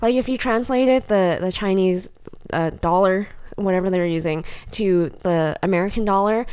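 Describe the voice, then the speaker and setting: A young woman co-hosting a podcast, telling a story in a casual chat with lots of laughter and lively acted-out quotes. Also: mid-range voice, normal speed, clean tone. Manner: animated storyteller, acts out voices, laughs often. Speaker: podcast co-host.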